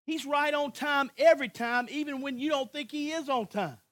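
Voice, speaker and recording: High-voiced man preaching a sermon. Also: moderate pace, dry recording. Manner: impassioned preaching with swings from hushed to shouting; repetitive, rhythmic emphasis. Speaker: pastor.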